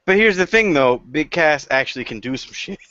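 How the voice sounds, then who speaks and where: A man's voice: a little high, lively intonation, fairly quick, pushed and bright, no room sound. A man as a guest in a casual chat, talking bluntly with frequent swearing. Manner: blunt, profane, emphatic. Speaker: guest co-host. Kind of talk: casual chat about wrestling. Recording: dull lo-fi dry recording.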